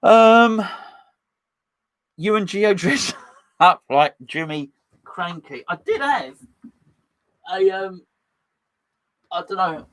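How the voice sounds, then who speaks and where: A man's voice: high voice, fairly bright tone, no echo. A man hosting a casual live stream, reading out viewer comments and rambling between them with many restarts. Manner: rambling and chatty, with frequent restarts and fillers. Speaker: host of a live fan chat stream.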